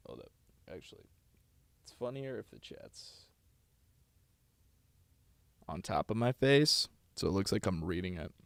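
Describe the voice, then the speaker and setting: A man's voice: low voice, lively intonation, unhurried, creaky, pauses often, dry recording, clean studio sound. A man streaming live, greeting his chat with playful, joking banter. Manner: playful, joking, goofy asides. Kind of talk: casual livestream chat.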